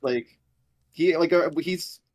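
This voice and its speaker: A man's voice: on the high side, slow, darkish tone, no echo. A man with a faint, wavering New York accent, a game developer guest chatting easily and laughing readily. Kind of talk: casual podcast chat.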